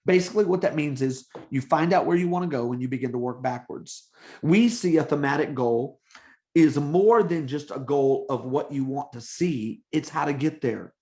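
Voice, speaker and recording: A middle-aged man teaching church leaders in an energetic preaching style, urging them on with repeated "come on" and quick restarts. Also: a little high. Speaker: ministry leader and coach.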